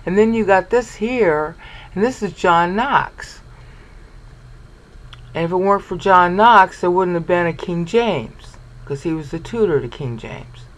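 A man with a voice a little higher than most lectures on scripture in a meandering, explanatory way. He keeps stopping to check that the listener is following, then carries on walking through his points. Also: expressive, measured pace, fairly bright tone, poor audio. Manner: discursive, checks in with "okay?". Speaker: Bible teacher. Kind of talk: explanatory Bible study lecture.

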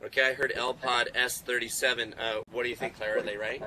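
Upbeat man with a very bright voice. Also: medium pitch, little pitch movement, fairly quick, a little hiss or hum, low-quality recording. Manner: upbeat, encouraging, praises kids. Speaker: host of a live virtual classroom field trip. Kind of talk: live interactive quiz with classrooms.

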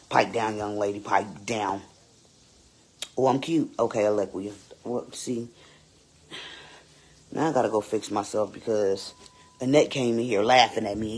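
A performer voicing a sassy, vain woman babysitter in a live-streamed comedy skit, loud and teasing, repeating lines and swooping up into squeals. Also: medium pitch, normal speed, pauses often, slightly rough, natural voice.

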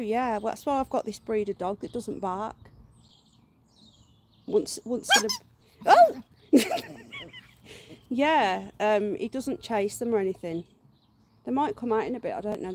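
A woman with a slightly high, warm voice hosts a casual outdoor livestream from her garden, with slight background noise. She talks to viewers, laughs often and croons baby talk to her dog.

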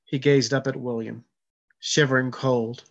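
A man reads his own fiction aloud in a measured, steady voice at a middling pitch. The recording is dull and lo-fi. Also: gravelly. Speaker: author.

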